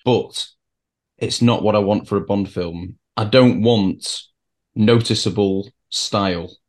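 A man hosting a podcast, speaking in a measured, deliberate way. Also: lowish voice. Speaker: podcast host. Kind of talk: casual chat.

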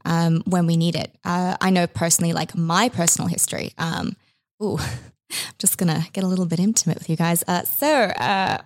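A woman's voice: on the low side, steady tone, normal speed. A woman co-hosting a podcast in casual chat, talking freely with lots of fillers and the odd swear word. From immigrant living in Australia. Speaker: podcast co-host.

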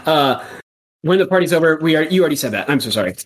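An improviser spins an absurd musical plot, dropping deadpan asides between quick jokes. The voice swoops through a lively pitch range. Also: slight background noise.

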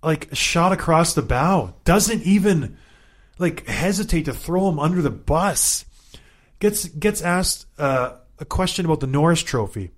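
A man in his thirties with a slightly higher voice than most men, co-hosting a sports talk show. He rants with animated exasperation and hammers his points home by repeating them. He talks like a former player in casual banter. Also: a little slow. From Canada. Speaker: co-host, former hockey player.

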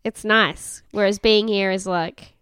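A woman's voice: mid-range voice, fairly even intonation, measured pace, a bit bright, smooth, no room sound, studio quality. A woman co-hosting a casual podcast chat, swearing freely and acting out quotes as she recaps a show. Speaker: podcast co-host.

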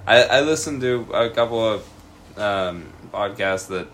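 A man's voice: lowish voice, animated, unhurried, a bit bright, a little hiss or hum. A man from Washington state co-hosting a podcast in casual, rambling chat, laughing often and swearing freely. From Washington state, USA. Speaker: podcast co-host.

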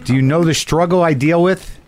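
A man's voice: fairly high pitch, brisk. A man in his fifties, a podcast host giving a rambling, candid, self-deprecating monologue with plenty of swearing. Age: 50s. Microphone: studio mic in a home garage.

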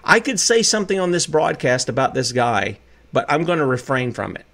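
A man's voice: medium pitch, animated, brisk, creaky, a bit bright. A man hosting a call-in talk radio show, speaking in an impassioned, preachy way and firing off rhetorical questions.

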